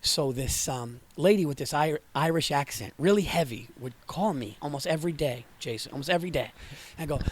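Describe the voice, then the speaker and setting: A man telling a comic story as a podcast guest, excitable and acting out both sides of a conversation. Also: a little high, fairly quick. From Greek and Sicilian heritage. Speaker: comedian guest. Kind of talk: animated storytelling.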